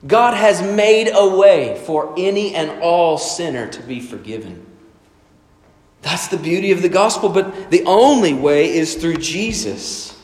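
A man preaching a sermon, telling a story and acting out the voices in it, swinging from loud to soft. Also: sits high, animated, unhurried. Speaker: pastor. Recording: echoey hall.

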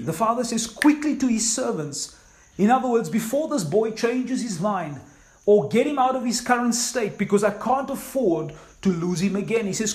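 A man's voice: sits high, darkish tone. A man preaching a sermon as pastor, reading scripture aloud and then urging his listeners on with fervent exhortation. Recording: echoey room.

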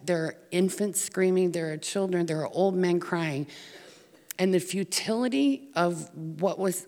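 An American woman tells her story in an earnest, halting way, with ums scattered through. Her voice sits a little low, and a long hall reverb trails after her words. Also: a little mellow. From United States. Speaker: speaker telling of volunteer work. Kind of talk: personal story talk.

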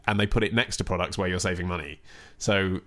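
A man's voice: low-pitched, steady tone, fast talker, fairly bright tone. A man co-hosting a podcast, explaining things in a wry, chatty way and reading out listener questions. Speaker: podcast co-host. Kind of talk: casual chat.

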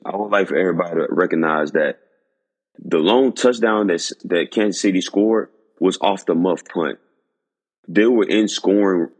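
Incredulous husky man ranting about football. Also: low voice, darkish tone, long reverb tail. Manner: incredulous, repetitive, emphatic. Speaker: podcast host. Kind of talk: sports podcast rant.

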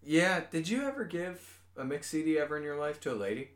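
A man's voice: a little high, animated, a little fast. A man in his thirties co-hosting a podcast in casual chat, joking and swearing freely. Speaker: podcast co-host.

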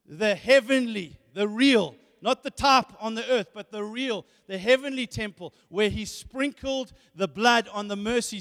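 A man preaching with a very high voice, animated and full of rhetorical questions. He stumbles over repeated words as he builds each point. His voice rings out with a long hall reverb. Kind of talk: sermon.

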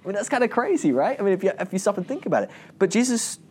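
A man with a high, rapid-fire voice gives a casual Bible teaching talk over a little hiss or hum. He rambles with many restarts and asides, telling the stories animatedly and acting out the voices of the people in them.

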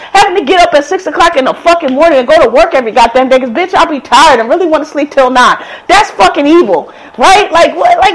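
A woman's voice: high-pitched, animated, fast, few pauses, a little hiss or hum, poor audio. A woman delivering a blunt, profane, exasperated opinion monologue as a political commentator.

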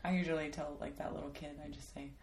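A woman's voice: low-pitched, little pitch movement, fast, gravelly, a little mellow, echoey room, slight background noise. A woman hosting a podcast interview, chatty and playful, laughing often and teasing her guest. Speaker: podcast host. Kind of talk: casual interview chat.

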